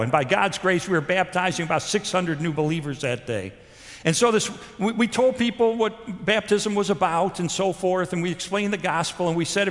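Animated male preacher in a reverberant hall. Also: on the high side. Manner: animated, shifts between loud emphasis and soft intensity. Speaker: pastor. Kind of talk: sermon with storytelling.

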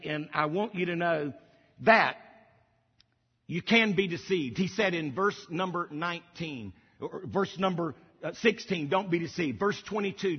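A man's voice: high voice, husky. A middle-aged male pastor preaching a sermon, emphatic and repeating key phrases for weight. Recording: dull lo-fi audio with long hall reverb.

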